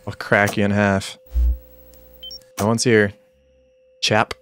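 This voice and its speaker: A male streamer gives loose, joking commentary while he plays. He rambles, mock-complains and talks back to the game in a fairly low voice. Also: level tone, slow, a bit bright, faint music behind. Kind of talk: casual gameplay commentary.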